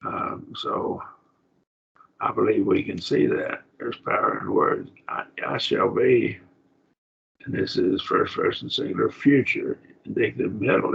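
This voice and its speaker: Bible class teacher, male, gravelly and breathy, lower voice, dull lo-fi sound, halting delivery. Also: a bit bright. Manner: halting, thinks aloud with restarts. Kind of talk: Bible study lesson on Greek text. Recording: dull lo-fi recording.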